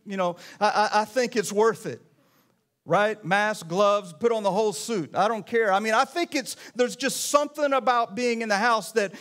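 High-pitched pastor guy preaching in church, chatty, keeps restarting his sentences. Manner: conversational preaching with many restarts and asides. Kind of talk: sermon.

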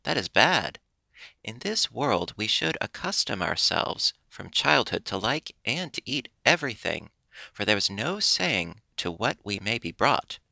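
Man reading a patient old father, gentle lecturing, gravelly low voice, dry. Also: sing-song, a little slow, dry recording, heavily acted.

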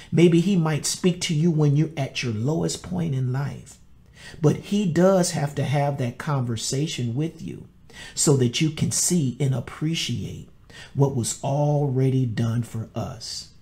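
A middle-aged man, a pastor, preaching a sermon and telling a personal story in a slow, earnest way that repeats words. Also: medium pitch, mellow.

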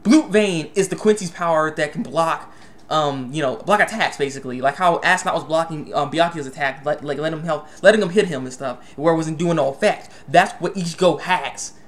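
Young male reviewer, slightly high voice, stammers and restarts, casual and excitable. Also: fairly quick. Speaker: manga reviewer.

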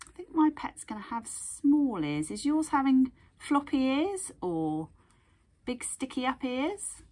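Reading a picture book to young children, a woman art teacher gently guides them to draw and asks them questions as she goes. Her voice sits high and has a slow, sing-song lilt.

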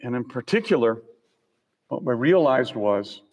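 An older man from Saskatchewan gives a relaxed campus lecture, telling stories with dry humor. His voice sits at an ordinary middle pitch. A long hall reverb trails each phrase. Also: unhurried. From Canada (Saskatchewan). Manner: conversational storytelling with dry humor. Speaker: university professor and senior officer, guest speaker. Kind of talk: public lecture with slides. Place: lecture room on a college campus.

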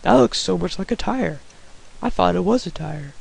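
A man doing goofy, excitable gameplay commentary, his voice affected by a cold. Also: sits high, moderate pace, gravelly, husky, rough recording. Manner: goofy, excitable, yelps at the game. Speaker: gaming YouTuber.

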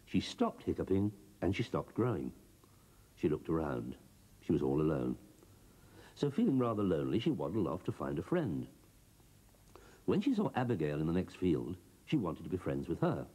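Male storyteller, children's storybook narration, dark mellow tone, husky, very animated pitch. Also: normal speed, long pauses. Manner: expressive, bouncing between character voices.

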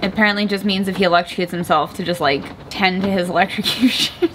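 A woman's voice: medium pitch, brisk. Woman, casual vlogger, chatty and rambling, faint background hum. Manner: chatty, rambling, frequent "like" and "I feel like". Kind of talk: casual vlog chat. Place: at family's house, working on a van.

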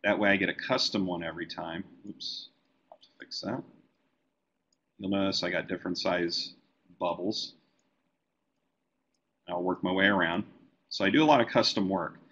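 A man who letters comic books, teaching a live software tutorial and talking easily as he works on screen. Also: sits low, moderate pace, pauses often, breathy edge, lo-fi sound. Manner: relaxed, talks while working on screen. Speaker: comic book letterer and design educator.

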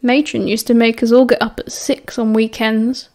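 A woman with a British accent voicing a quiet, thoughtful teenage schoolboy who speaks mildly. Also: on the high side, little pitch movement, normal speed, close to an everyday voice. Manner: mild, thoughtful.

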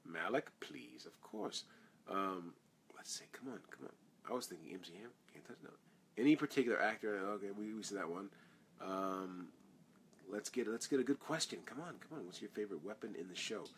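A man's voice: on the low side, lively intonation, a little fast, creaky, a bit bright, a little hiss or hum. A man, an actor, answering fan questions in a casual live Q&A, reading each question aloud and rambling through his answers.

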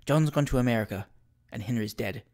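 A man's voice: animated, fairly quick, lightly acted. A man voicing a desperate young man on the run, who speaks hastily and bluntly. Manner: hasty, low and blunt.

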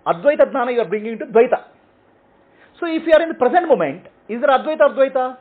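The man's voice is very high-pitched and animated, moving at a quick pace. A spiritual teacher taking questions, he repeats short phrases and frequently asks "okay?", all captured in tinny audio that resembles a phone call.

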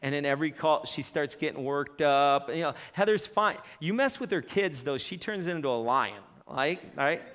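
A middle-aged man preaching a sermon, telling a lively story with many repeated starts. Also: a little high, moderate pace, hardly any pauses. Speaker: pastor. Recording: long reverb in a church hall.

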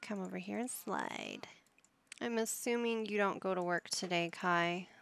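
A woman's voice: medium pitch, measured pace, gravelly, fairly bright tone, smooth. A woman giving casual commentary while playing a life-sim game, coaxing and scolding her characters like a playful parent. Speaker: gaming YouTuber.

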